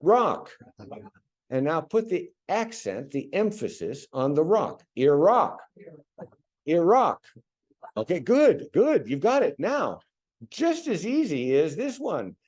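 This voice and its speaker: A man's voice: fairly high pitch, wildly swooping pitch, unhurried, mellow. A middle-aged American man giving a chatty public lecture as a university professor, coaching the audience on pronunciation. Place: lecture venue.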